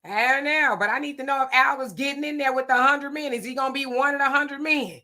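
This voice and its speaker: Bright casual woman livestream host. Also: sits high, fairly even intonation, fast. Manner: laughing, playful, reads viewer comments aloud. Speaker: livestream co-host reading chat. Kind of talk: casual chat.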